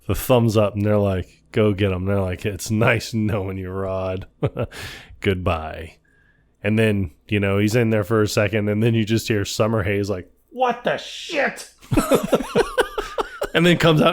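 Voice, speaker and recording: A man co-hosting a podcast, recapping a film in casual chat, quoting scenes in funny voices and laughing often. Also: fairly low pitch. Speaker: podcast co-host.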